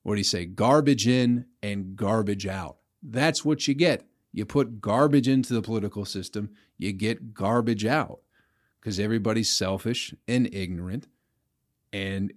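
Profane, ranting male podcast host. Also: on the low side. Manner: profane, rambling, sardonic. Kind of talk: solo podcast rant.

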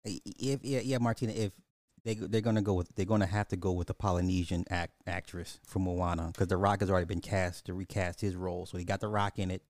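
A man with a low, warm voice hosts a casual live podcast, talking loosely and answering his chat as he goes. He restarts sentences often and keeps a relaxed, conversational pace. The sound is close and dry. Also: fast, no room sound. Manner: loose, rambling, talks back to chat, frequent restarts.

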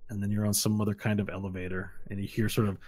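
Low-voiced man running a tabletop game. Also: flat delivery, fast talker, a little mellow, slight background noise. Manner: descriptive, loose, with frequent filler phrases. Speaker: game master.

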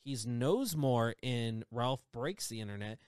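Excitable male podcast host. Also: mid-range voice, clean tone, dry recording, clean studio sound. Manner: quick, excitable, laughs often. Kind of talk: casual chat about entertainment news.

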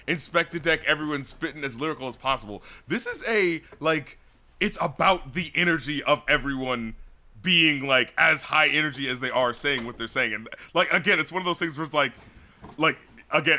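A man co-hosting a podcast, chatting casually through an album review, rambling and animated, full of "like" and "you know". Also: a little high. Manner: acts out lyrics and studio scenes in loud put-on voices.

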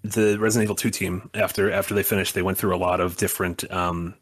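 A man's voice: deep voice, flat delivery, quick pace, breathy edge. A man co-hosting a casual podcast, talking in a chatty, thoughtful way with many fillers. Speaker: podcast co-host. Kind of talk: casual chat.

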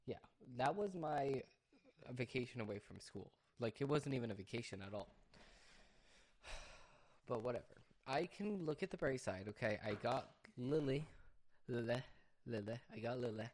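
A young man hosting a casual solo podcast, chatting in a rambling way and often breaking off to hush his dog. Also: mid-range voice, expressive, moderate pace, pauses often. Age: young adult. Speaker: podcast host.

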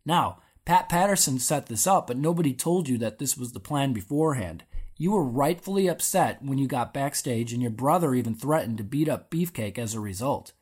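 An interview host with a middle-pitched voice who asks long, eager questions. The host also reads prepared fan questions aloud in a steady way. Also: fairly quick, breathy edge.

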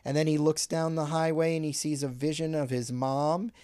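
A man's voice: on the high side, little pitch movement, moderate pace, mellow, smooth, dry recording. A man co-hosting a podcast, chatting casually and a bit profanely as he recaps movie scenes at length. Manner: laid-back, profane, recounts scenes at length. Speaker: podcast co-host.

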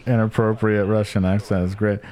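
Low-voiced guy cracking crude jokes on a podcast, swears a lot. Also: flat delivery, brisk, a little mellow. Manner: crude, joking, riffing, frequent swearing. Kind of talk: casual podcast chat.

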